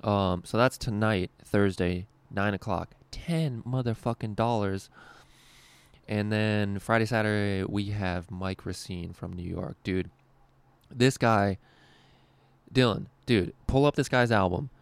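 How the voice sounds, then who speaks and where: A young man with a low, gravelly voice tells rambling road stories on his podcast, swearing freely and laughing at his own lines. The sound is close and dry, with no room around it. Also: a little slow, no room sound. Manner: rambling, profane storytelling with frequent laughs. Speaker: stand-up comedian and podcast host. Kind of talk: casual podcast chat.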